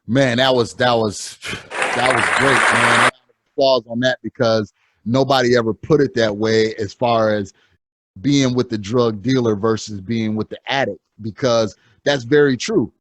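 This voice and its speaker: A man's voice: medium pitch, steady tone, measured pace, fairly bright tone, no echo, a faint crowd. Earnest male podcast host. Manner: earnest, repeats himself, gives short "yep" backchannels. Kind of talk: casual chat.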